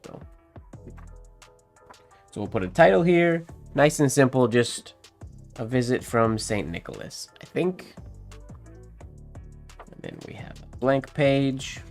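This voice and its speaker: A man with a mid-range voice streams a calligraphy session, speaking unhurriedly with long pauses as he relaxes and thinks aloud over his work, later reading a holiday poem aloud. Soft music plays in the background.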